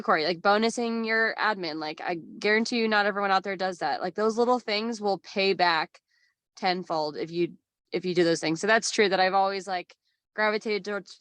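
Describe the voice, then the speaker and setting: A woman's voice: mid-range voice, fairly bright tone, no room sound. A woman speaking as a podcast guest in a casual, candid way, with lots of "like". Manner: candid, chatty, peppered with "like". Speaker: podcast guest, business owner. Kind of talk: casual chat.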